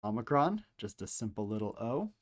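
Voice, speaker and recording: A man teaching how to handwrite Greek letters, calmly explaining each stroke step by step, with playful asides now and then. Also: on the low side, normal speed. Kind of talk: handwriting tutorial instruction.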